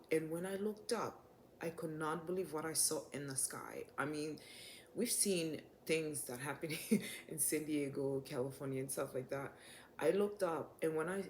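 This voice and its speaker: A woman sharing a personal faith testimony, speaking haltingly with many repeated words and restarts, growing more excited as she goes. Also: deep voice, a little hiss or hum. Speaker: faith storyteller.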